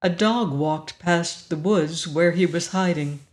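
A story narrator with a mid-pitched voice reads slowly and deliberately. The delivery is measured and steady throughout.

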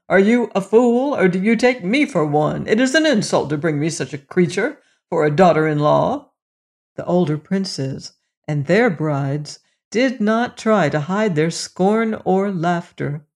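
A storyteller reads a fairy tale aloud in an even, measured manner. The pace is unhurried and slow, and the pitch sits in a middling range. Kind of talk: scripted fairy-tale narration.

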